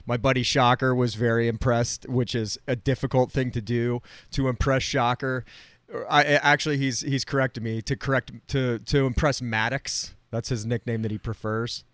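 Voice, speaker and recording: A man's voice: mid-range voice, level tone, normal speed, a bit bright, no room sound. A man co-hosting a podcast over a video call, bantering in a dry, teasing way. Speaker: podcast co-host.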